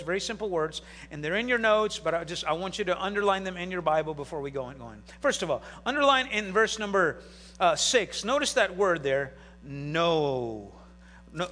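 A man pastor preaching an animated sermon, swinging between loud bursts and quiet asides, recorded in a large church hall. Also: high voice.

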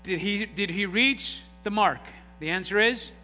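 A man preaching in a church with a bright, higher voice, acting out the people in his stories. The sound is a live recording with a long hall reverb. A faint electrical hum sits underneath. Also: a little slow, faint music behind. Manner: animated storytelling with acted-out voices. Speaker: pastor. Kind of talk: sermon. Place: church sanctuary.

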